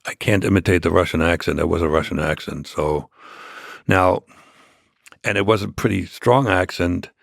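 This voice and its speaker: An older man, a podcast guest, telling a long story in a halting way with many restarts. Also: low-pitched, creaky, no room sound, studio quality. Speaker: interview guest.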